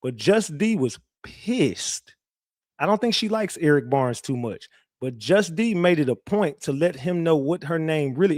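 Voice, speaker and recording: A man hosting a livestream, animated and profane as he retells a court hearing with lots of restarts. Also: fairly high pitch, measured pace, no room sound, clean studio sound. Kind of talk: casual livestream storytelling.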